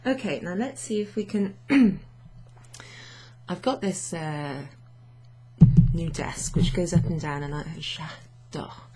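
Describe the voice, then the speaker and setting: A young woman with a lowish, animated voice teaches French slowly, pausing often, and the recording is very noisy. It's a casual, chatty lesson at her home office standing desk, where she blends English with French and laughs a lot.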